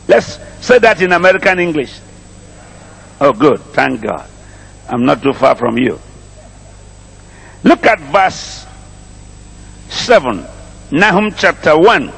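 A man's voice: a little high, very animated, measured pace, creaky, long pauses, a bit bright, slightly rough, big-room sound. A middle-aged man with a Nigerian accent, preaching a sermon, drawing calls and responses from the congregation and repeating his phrases. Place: church congregation.

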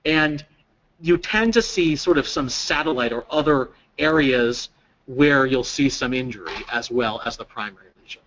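A man's voice: medium pitch, moderate pace, a bit bright, rough recording. A man giving an interactive training lecture to a live audience, putting questions to the room and repeating people's answers. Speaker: presenter at a staff training.

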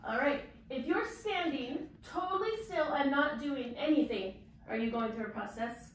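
A woman kindergarten teacher leads a vocabulary lesson with a bright, high voice. She asks slow, patient questions and has the children repeat after her. She is recorded from a distance in a very echoey classroom with faint background noise. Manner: slow, patient questioning with call-and-response prompts.

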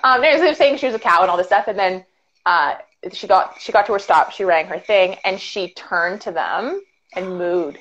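A woman's voice: mid-range voice, moderate pace, fairly bright tone, lo-fi sound. A woman in her late twenties, a guest trading playful jokes in casual chat over a video call. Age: late 20s. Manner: playful, jokey.

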